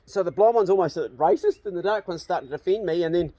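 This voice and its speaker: Brief: New man, host, casual banter, lively storyteller, voice sits a bit high. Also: fast talker, a little hiss or hum. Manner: animated yarn-spinning with swearing. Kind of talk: casual chat.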